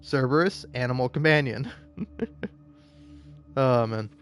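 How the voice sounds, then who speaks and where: A man streaming and chatting casually, rambling with lots of profanity and stumbling restarts, breaking into high-pitched rants. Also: slow pace, fairly bright tone, faint music behind. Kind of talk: casual chat while gaming.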